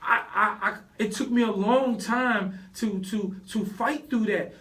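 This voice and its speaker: Passionate high-voiced man, off-mic. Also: unhurried, fairly bright tone, far from the mic. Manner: passionate, laughs while speaking. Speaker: guest. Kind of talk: emotional radio interview talk.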